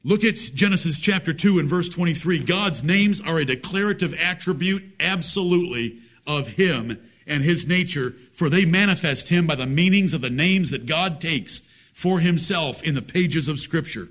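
A man's voice: a little high, normal speed, a bit bright. A man preaching a sermon, emphatic, with rhetorical questions and folksy jokes.

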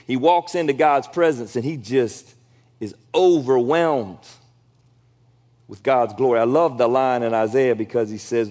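A middle-aged man, a pastor preaching a sermon in a casual, animated way, acting out quotes in sudden loud high bursts. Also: normal speed.

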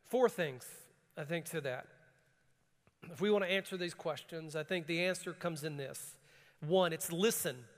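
A man preaching a sermon, swinging from calm scripture reading to rising, emphatic bursts. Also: on the high side, moderate pace. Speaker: pastor. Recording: long hall reverb.

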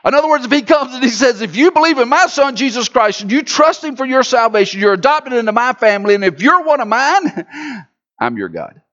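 A man preaching a sermon as pastor, swinging between loud emphatic lines and quiet near-whispered ones. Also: very high voice, lively intonation, quick pace, lo-fi sound.

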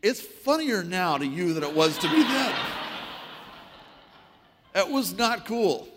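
A man preaching a sermon, telling a story with wry, animated delivery. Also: sits high, slow pace, long reverb tail, a little hiss or hum.

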